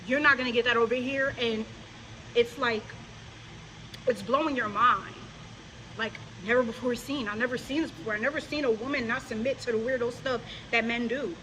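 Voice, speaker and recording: Bright, scolding woman ranting at viewers. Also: fairly high pitch, fairly even intonation, normal speed, a little hiss or hum, poor audio. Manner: scolding, confrontational, mocking. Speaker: religious vlogger. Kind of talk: direct-to-camera rant.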